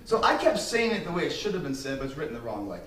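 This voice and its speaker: A man giving a speech to an audience, telling brash, profane, animated stories. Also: on the high side, quick pace. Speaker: motivational speaker. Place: room with an audience. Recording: roomy, distant mic, faint ambience.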